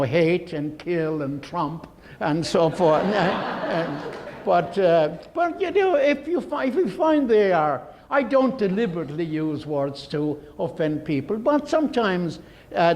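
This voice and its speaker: A man's voice: fairly high pitch, darkish tone. An older man giving a humorous public talk, telling rambling, jokey stories. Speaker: guest speaker.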